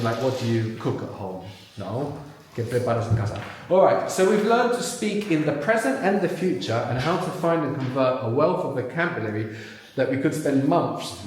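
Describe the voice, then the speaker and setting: A man teaching a live language workshop, animated and repeating words slowly so they sink in. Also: mid-range voice, slight background noise. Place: large echoey venue with live audience. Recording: very echoey hall.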